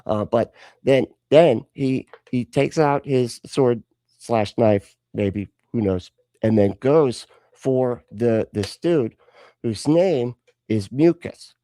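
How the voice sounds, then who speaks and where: A man's voice: medium pitch, slow, dark tone, no echo. A man rambling through a comic drunken retelling of a story, interrupting himself often. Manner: rambling, self-interrupting, tipsy. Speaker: podcast co-host.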